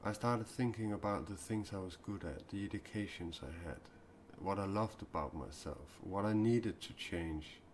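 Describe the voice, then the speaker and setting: Low-voiced male spiritual speaker, halting and heartfelt, live-stream monologue. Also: a little mellow, a little hiss or hum. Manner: earnest, confessional, halting. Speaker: self-described mystic and spiritual speaker. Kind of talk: improvised live-stream talk.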